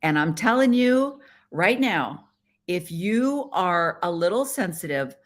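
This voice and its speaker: A woman's voice: lowish voice, lively intonation, slow pace. A middle-aged woman from the US Midwest hosting a live podcast stream, chatty and playful, talking into her webcam. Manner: chatty and playful, with frequent laughs. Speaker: podcast host. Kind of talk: casual live-stream chat.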